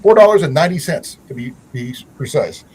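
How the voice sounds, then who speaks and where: A man's voice: fairly high pitch, expressive, a little fast, darkish tone, a little hiss or hum, poor audio. A man hosting a casual livestream chat, rambling with many fillers and restarts. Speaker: channel host.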